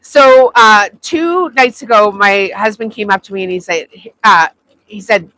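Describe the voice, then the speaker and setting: A woman's voice: medium pitch, normal speed, sharp tone, dry recording. A woman hosting a sewing livestream, chatting casually with viewers and laughing often. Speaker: sewing channel host.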